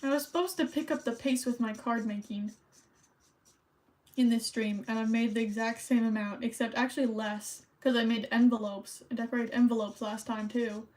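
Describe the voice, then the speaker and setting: A young woman chats casually on a stream as she decorates holiday cards. Her voice sits a little high, and she rambles and thinks aloud while she colors at her desk. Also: steady tone, normal speed, darkish tone. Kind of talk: casual chat while crafting.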